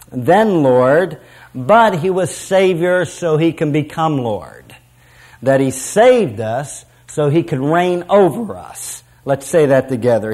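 A middle-aged man preaching a sermon with emphasis, circling back to repeat his key phrases. His voice sits a little higher than most men's. He slows on the lines he wants to land. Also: a little mellow.

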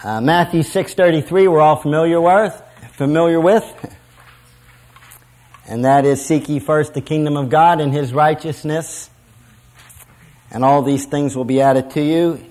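A man's voice: on the high side, steady tone, unhurried, pauses often, darkish tone. A middle-aged man preaching a sermon to a prison ministry audience, emphatic and repetitive, leading the audience to repeat lines.

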